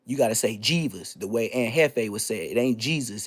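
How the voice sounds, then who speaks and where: A man hosting his own live stream, telling a story in a loose, profane way and jumping into high-pitched exclamations. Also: expressive, normal speed, slightly rough. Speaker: livestream host.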